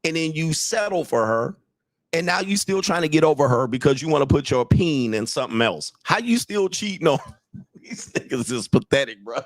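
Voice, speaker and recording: Blunt, animated male livestream ranter. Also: fairly high pitch, normal speed, no echo. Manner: blunt, profane, lecturing, laughs often. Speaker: commentator, channel host. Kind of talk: livestream commentary rant.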